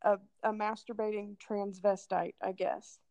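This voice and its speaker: A woman's voice: mid-range voice, level tone, a little slow, creaky, warm tone, no echo. A woman co-hosting a casual chat podcast, reading old quotes aloud in a wry, amused way. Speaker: podcast co-host.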